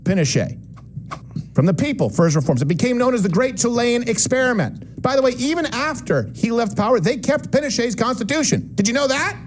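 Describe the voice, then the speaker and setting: Sarcastic, animated man host. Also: a little fast, slight background noise. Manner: sarcastic, emphatic, swings between loud and low. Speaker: commentary show host. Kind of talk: opinionated political monologue.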